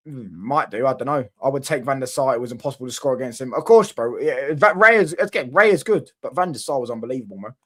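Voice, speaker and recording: A young man with a London accent, chatting excitedly about football with his stream viewers. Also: medium pitch. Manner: excitable banter, quick bursts of emphasis. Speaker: livestream host. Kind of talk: casual football chat with viewers.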